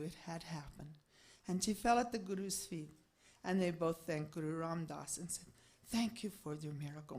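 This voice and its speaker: A woman telling a religious story to a gathering, expressive and acting out the characters' voices. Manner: expressive, swinging pitch and loudness, acting out voices.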